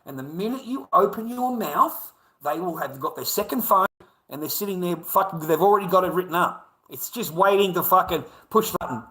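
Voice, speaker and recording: A middle-aged man with an Australian accent talks straight to his viewers in a loose, rambling livestream monologue. His voice sits a little high and comes across bright and forceful, and he keeps calling his audience mate between profanities. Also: expressive, fairly quick, rough recording.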